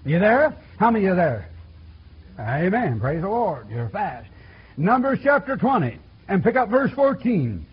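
A man delivers a folksy sermon, repeating himself and calling out to the congregation. His voice sits high and husky, rising and falling widely. The recording is dull and lo-fi, like an old church tape. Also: very animated, moderate pace. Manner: folksy, repetitive call-and-response preaching. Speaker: preacher.

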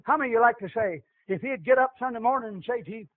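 A man preaching a sermon, calling out to the congregation with animated back-and-forth questions. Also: extremely high pitch, fast, hardly any pauses. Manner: animated call-and-response preaching. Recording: tinny lo-fi radio broadcast.

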